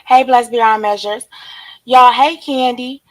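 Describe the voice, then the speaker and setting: A hoarse woman, chatting casually on a livestream and greeting viewers by name in a drawn-out, relaxed way. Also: on the high side, faint music behind, rough recording. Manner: relaxed, drawn-out shout-outs to commenters. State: hoarse, losing her voice. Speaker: livestream host. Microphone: streaming setup.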